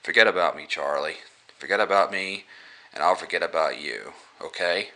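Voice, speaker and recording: A suave, menacing male vampire who speaks low and deep, with a hard, bright edge to his threats, as a man quoting a film puts him on. He sounds smooth and mocking. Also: moderate pace. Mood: threatening.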